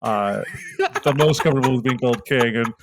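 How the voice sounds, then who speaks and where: A man's voice: medium pitch, fairly quick, background noise. A man co-hosting a comedy podcast, rambling and joking, laughing often as he talks. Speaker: podcast co-host. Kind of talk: casual comedic banter.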